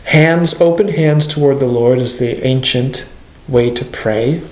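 A man, a pastor, teaching a class in an animated way and asking the class questions. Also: medium pitch, measured pace, reverberant. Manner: animated, plays out dialogues, asks the class questions.

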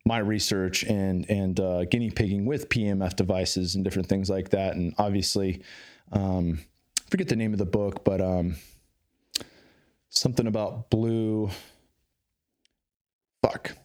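A man's voice: low-pitched, fairly even intonation, a little slow, long pauses, darkish tone. A man from the Bay Area in California, a podcast guest talking casually and at length, loose and rambling with fillers and restarts. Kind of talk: casual conversation.

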